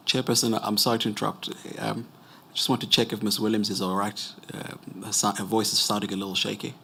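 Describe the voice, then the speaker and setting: A South African man questioning a witness at a formal inquiry, polite and measured. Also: fairly low pitch, level tone, creaky, pushed and bright, slightly rough. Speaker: advocate leading evidence.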